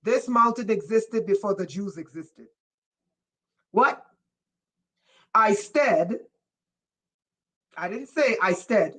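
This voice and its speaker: A woman gives a live-streamed spiritual lecture at an unhurried pace. She stresses her main points by saying them again slowly and stops often to check that her viewers are following. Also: mid-range voice, expressive, fairly bright tone, poor audio. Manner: emphatic, repeats key lines slowly for effect; asks listeners questions. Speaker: spiritual teacher.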